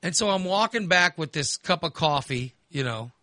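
Male talk host, sharp bright tone, crude and exasperated, dead-dry studio sound. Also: fairly high pitch, normal speed, no room sound. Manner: animated, crude, swearing, exasperated. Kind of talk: casual storytelling chat.

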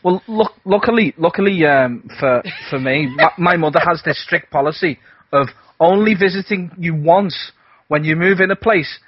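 A man's voice: a little high, normal speed, breathy edge, no echo. A man in casual chat, tossing in wry, teasing quips. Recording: dull lo-fi recording.

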